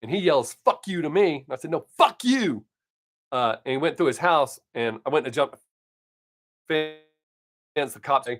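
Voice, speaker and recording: A man's voice: mid-range voice, fairly bright tone. An older man, chatting casually on his live stream from home and telling stories bluntly, with plenty of swearing. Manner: profane, blunt storytelling.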